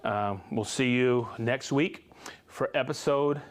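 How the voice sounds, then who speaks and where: A man hosting a live tool show in casual chat, upbeat and laughing often as he reads out viewer shout-outs. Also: mid-range voice, takes it slowly.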